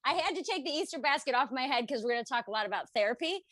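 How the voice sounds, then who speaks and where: A woman's voice: high voice, animated, rapid-fire, a bit bright, no room sound. A woman comedian in casual chat and stand-up, laughing often and breezy. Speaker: guest comedian.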